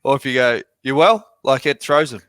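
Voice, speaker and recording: A man's voice: mid-range voice, steady tone, fast, fairly bright tone, clean tone, no room sound. A young man co-hosting a podcast, chatting casually and acting out little exchanges as he tells stories. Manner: chatty storyteller, acts out exchanges. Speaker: podcast co-host. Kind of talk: casual chat.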